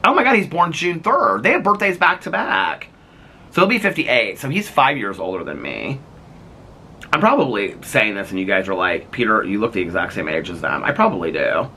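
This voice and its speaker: A man's voice: lowish voice, big pitch swings, normal speed, sharp tone, breathy edge. A man in his fifties chatting casually and rambling in a daily vlog, laughing often. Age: 50s. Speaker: vlogger. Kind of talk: casual chat.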